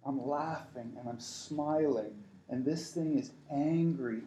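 Speaking slowly with a warm tone and a slightly high voice, a middle-aged preacher rambles through a dream story in his sermon, frequently restarting sentences and exhorting his listeners. The room is echoey and the recording rough.

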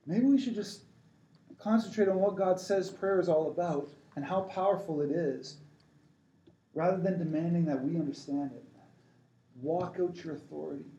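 A man's voice: a little high, moderate pace, mellow, echoey room, lo-fi sound, a little hiss or hum. A middle-aged man preaching, urging his listeners on and often restarting his sentences as he rambles through a dream story. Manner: rambling, many restarts, exhortative. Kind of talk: sermon.

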